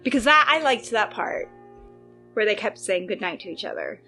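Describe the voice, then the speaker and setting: A woman co-hosting a podcast, reacting with quick agreements and bursts of exasperation. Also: mid-range voice, lively intonation, sharp tone, soft background music. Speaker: podcast co-host. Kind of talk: casual chat.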